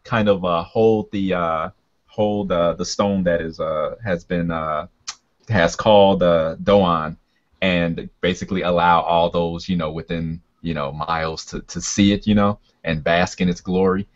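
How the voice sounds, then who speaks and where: A man with a very deep voice plays a tabletop role-playing game, talking haltingly with many fillers. The recording is muffled and lo-fi. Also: fairly even intonation. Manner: halting, full of fillers, laughing often. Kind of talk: casual tabletop role-play. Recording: dull lo-fi recording.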